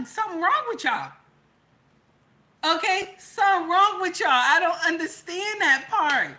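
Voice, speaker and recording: With a high voice, a middle-aged commentary channel host lectures her viewers in a preachy way. She says things more than once, and her delivery moves from loud down to hushed.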